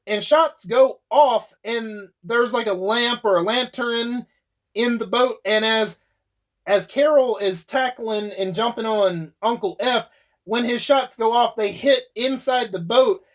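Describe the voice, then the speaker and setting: Male YouTube reviewer with a high voice, loose and chatty, swears freely, restarts sentences. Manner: rambling, swearing, frequent laughs and restarts. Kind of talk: casual spoken episode recap.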